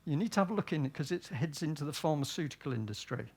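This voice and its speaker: A man's voice: on the high side, lively intonation, quick pace, darkish tone, husky. A man from Britain giving a public talk, often asking himself rhetorical questions and answering them. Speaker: speaker at a public event.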